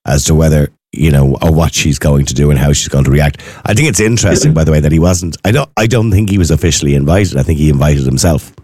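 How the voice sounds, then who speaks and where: A male host with a deep, low voice who talks at a rapid clip. He is blunt and quick to slip in sarcasm, and his voice sounds close and dry in the studio. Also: a little mellow, no room sound. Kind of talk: casual radio chat.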